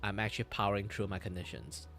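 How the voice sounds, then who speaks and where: A man chatting casually on a live stream while he draws. He rambles, sounds dizzy and disoriented, and breaks into sudden loud outbursts, swearing and laughter. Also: lowish voice, fast talker, vocal fry. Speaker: art streamer.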